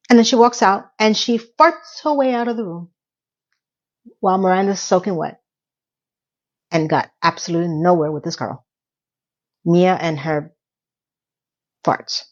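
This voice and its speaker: A middle-aged woman recapping a TV episode in a chatty, emotional solo vlog. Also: muffled recording. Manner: chatty and emotional, with quick rises in pitch. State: tearful. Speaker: TV recap vlogger.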